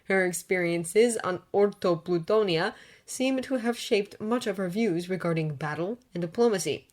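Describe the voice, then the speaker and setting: Woman reading fanfiction aloud, lowish voice. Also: normal speed, darkish tone. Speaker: narrator.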